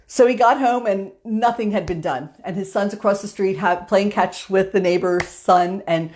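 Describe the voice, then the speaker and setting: A woman's voice: mid-range voice, moderate pace, a little mellow, a little hiss or hum. A woman hosting a motivational live stream, telling a story in a chatty way with filler words. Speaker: host.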